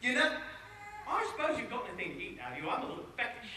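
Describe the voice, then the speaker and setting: A man's voice: extremely high pitch, huge pitch swings, fast, bright, forceful tone, full character voice. A man voicing a tiny, hungry little man from the woods in a told folk tale, chattering in a fussy way. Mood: chatty. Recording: echoey room from far off.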